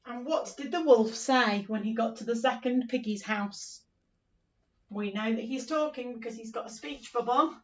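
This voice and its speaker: A woman teaching an early-years phonics lesson in a slow, sing-song, encouraging way, acting out story lines as she goes. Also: a little high, distant mic, dull audio.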